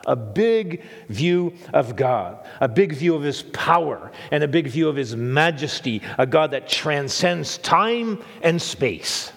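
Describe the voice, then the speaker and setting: A middle-aged pastor with a slightly high voice preaches a sermon in a large hall. He is earnest, repeating phrases for emphasis, and his voice drops to a hush before rising again.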